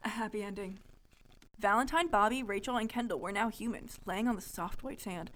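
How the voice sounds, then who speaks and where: A woman's voice: mid-range voice, a little fast, a little hiss or hum, low-quality recording. A young adult woman co-hosting a podcast, reading a childhood story aloud in a playful, amused way. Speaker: podcast co-host.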